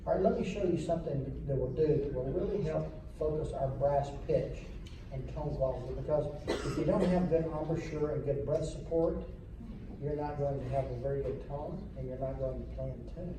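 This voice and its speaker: A man's voice: on the high side, moderate pace. A man coaching a school wind ensemble as a guest clinician, chatty and joking and quizzing the players. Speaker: band clinician. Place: large echoey hall, in front of a band. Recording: echoey hall from far off, with noise.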